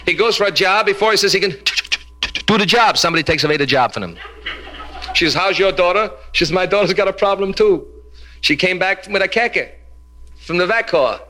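Here a man with a high, bright voice performs stand-up for a live club audience, animated and a little fast, pausing often and hitting a forceful tone. He teases the audience brashly, punctuating jokes with Yiddish punchlines.

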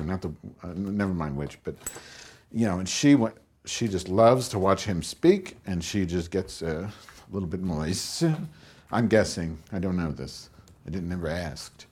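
A man's voice: deep voice, moderate pace, a little mellow, husky. Rambling, crude male comic host. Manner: crude, rambling, acts out quotes in raised voice. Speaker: podcast host.

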